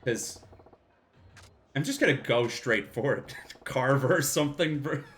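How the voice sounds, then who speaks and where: A man's voice: mid-range voice, animated, measured pace, a bit bright. A man casually commenting while playing a video game on a live stream, joking, laughing often and swearing freely.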